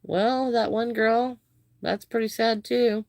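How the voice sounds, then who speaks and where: A woman's voice: fairly high pitch, fairly even intonation, vocal fry, darkish tone, dry recording, studio quality. Chatty woman hosting a crochet livestream. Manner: greets and thanks viewers by name, chatty, halting restarts. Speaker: livestream host. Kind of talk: live crochet stream chat.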